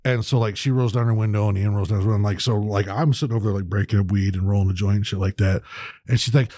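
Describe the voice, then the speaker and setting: A man's voice: on the low side, fast talker, no room sound, studio quality. A man co-hosting a podcast, telling rambling, profane stories in casual chat. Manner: rambling, profane, animated storyteller. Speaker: podcast co-host.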